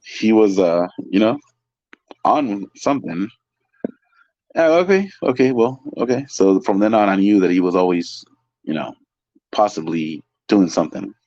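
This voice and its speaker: A man's voice: lowish voice, unhurried, long pauses, no room sound, muffled recording. A man from the San Francisco Bay Area, a waiter and interview guest, telling casual stories in a loose, chatty way full of fillers and restarts, often laughing. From California, San Francisco Bay Area. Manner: excitable, laughs through stories. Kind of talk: casual storytelling.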